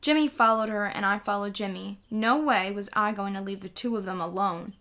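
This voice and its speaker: A woman reading a children's novel aloud in a lively storytelling way. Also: mid-range voice, fairly quick. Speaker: audiobook reader.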